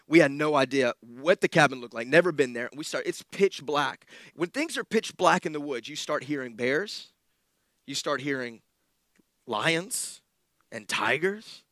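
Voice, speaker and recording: A man from South Alabama, preaching a sermon and telling a personal story with self-deprecating humor and animated, sometimes loud delivery. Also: medium pitch, no echo. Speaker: pastor.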